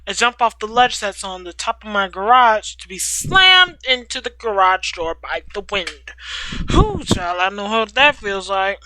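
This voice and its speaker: Slow easygoing fan-story reader, bright tone, dry close sound, cracks jokes between lines. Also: mid-range voice, very animated, no echo, poor audio. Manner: playful, slangy, laughs and comments on the story. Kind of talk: reading a fan story aloud with chatty asides.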